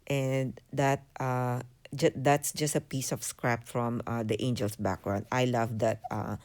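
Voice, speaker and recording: A woman's voice: rumbling low, level tone, unhurried, darkish tone. A woman hosting a craft channel, giving a hesitant casual voiceover full of fillers as she walks through her project. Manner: hesitant, many fillers, apologetic. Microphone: voiceover mic.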